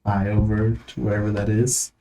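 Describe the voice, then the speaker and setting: A man's voice: fairly low pitch, level tone, normal speed, warm tone, recorded from a distance. A man playing a tabletop game, easygoing and a little hesitant as he states his moves. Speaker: player. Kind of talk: casual tabletop play.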